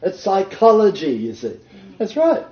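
A man's voice: sits high, wildly swooping pitch, unhurried. A man leading an interactive Bible study, quizzing his group and laughing often. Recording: roomy dull lo-fi recording.

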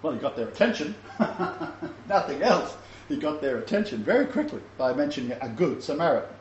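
Older man, chatty bible teacher, fairly high voice, echoey dull recording. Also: very animated, fast, slight background noise. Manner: chatty storytelling with many fillers and laughs. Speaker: teacher of a Messianic Bible study. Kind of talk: rambling sermon-style Bible teaching. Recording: echoey, slightly dull room recording with faint ambience.

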